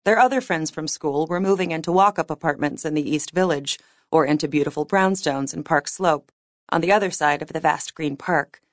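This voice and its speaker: Woman narrating a novel, deep-ish voice, close dry sound. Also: a little fast, dry recording. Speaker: audiobook narrator. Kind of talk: scripted narration.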